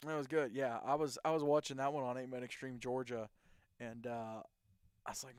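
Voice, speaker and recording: A man's voice: mid-range voice, fairly even intonation, brisk, smooth, no echo, studio quality. A man hosting a casual sports talk show, rambling through game recaps and reading off stats. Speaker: host.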